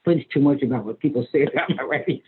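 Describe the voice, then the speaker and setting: A man's voice: medium pitch, fast, slightly rough. A man in his sixties, an imam speaking as guest on a video call, talking emphatically in a folksy, repetitive way with stammered restarts. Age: 60s. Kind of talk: conversational lecture on a video call. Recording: tinny phone-like audio.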